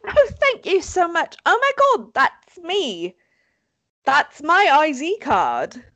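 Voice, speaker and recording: A woman's voice: high voice, very animated, takes it slowly, pushed and bright, no room sound, voice pushed up, full character voice. A woman voicing an ordinary woman who answers the door, chirpy and exaggeratedly surprised.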